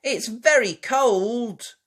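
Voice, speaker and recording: A woman voicing an excited little girl piglet who squeals and exclaims loudly. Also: a little high, very slow, pitched above the performer's own voice.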